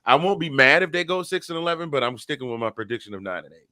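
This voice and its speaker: A man's voice: fairly high pitch, lively intonation, fast, bright, forceful tone, no echo, studio quality. A man co-hosting a casual football talk show, making season predictions with plenty of restarts. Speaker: football podcast co-host. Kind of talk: casual sports chat.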